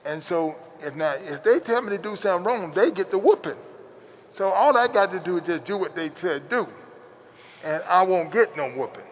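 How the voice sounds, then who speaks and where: High-voiced man telling a folksy story. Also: expressive, normal speed, long reverb tail, slight background noise. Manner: folksy, repetitive retelling with frequent restarts. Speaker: interview guest. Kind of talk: casual storytelling.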